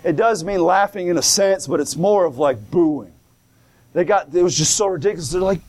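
In a sermon delivered at a moderate pace, a man with a high, darkish voice reads old scripture language and then explains it in casual terms. He repeats and restarts, calling out praise such as "come on now" and "glory".

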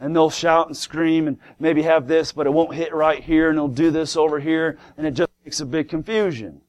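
A man's voice: on the high side, steady tone, normal speed, highs cut off. A man preaching a sermon to a congregation in church, emphatic, asking rhetorical questions and repeating key words.

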